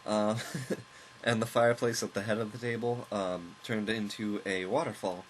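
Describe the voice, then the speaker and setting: A man casually recounting a long, rambling story at home while commenting on a game, with chuckles and quick asides. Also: fairly low pitch, flat delivery, a little hiss or hum, rough recording. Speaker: let's play host. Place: at home, with a loud pet bird nearby.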